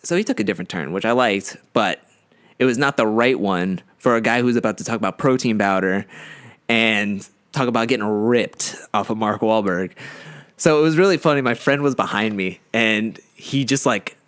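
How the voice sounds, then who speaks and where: A young man tells a story on a podcast in loose, rambling chat, tripping over his words and leaning on "like". His voice sits a little low and comes through smooth and resonant. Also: moderate pace, fairly bright tone, dry recording. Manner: rambling, heavy use of "like", fumbles words. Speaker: podcast co-host. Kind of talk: casual storytelling.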